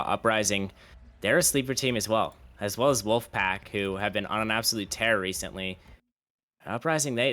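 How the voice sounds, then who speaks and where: Bright-voiced male esports caster. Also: fairly low pitch. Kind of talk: casual play-by-play commentary.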